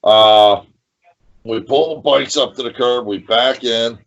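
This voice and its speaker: A man, a professional wrestler, telling a lively story in a podcast interview and repeating phrases as he goes. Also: medium pitch, slow, dull audio.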